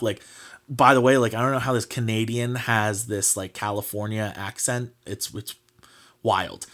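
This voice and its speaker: A man hosting a casual sports podcast, talking at an ordinary middle pitch. He rants in a heated, mocking way and swears freely. His sentences are loose and packed with fillers. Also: a little slow, a bit bright. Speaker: podcast host.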